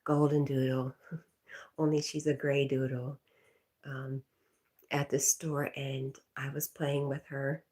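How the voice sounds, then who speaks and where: Woman, low voice, unhurried, livestream host, reads chat aloud, slips into whispers. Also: little pitch movement. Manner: reads viewer comments aloud and chats to her dog; often drops to a soft whisper.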